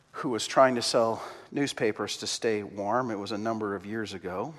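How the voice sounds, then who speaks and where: Man, preacher, sermon storytelling, impassioned, loud-soft swings, long hall reverb. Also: lowish voice. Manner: impassioned, big swings in loudness.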